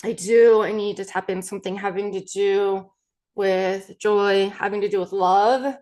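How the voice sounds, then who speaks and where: Woman, podcast host and coach, calm self-guided tapping, repeated affirmations, hesitant fillers. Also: mid-range voice. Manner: gentle, repeats affirmations slowly with many ums.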